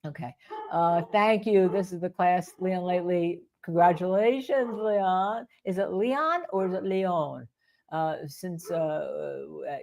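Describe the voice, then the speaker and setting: A woman's voice: fairly low pitch, gravelly, a little mellow, a little hiss or hum. An older woman who is a defense attorney, hosting live legal commentary in a rambling way and repeating points for emphasis.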